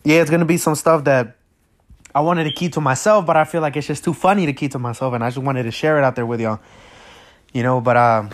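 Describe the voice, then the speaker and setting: A man's voice: mid-range voice, steady tone, fast. A man hosting his own podcast, talking casually and straight to his listeners, rambling with lots of fillers and restarts. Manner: friendly, talks straight to listeners. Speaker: podcast host. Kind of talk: casual solo podcast intro.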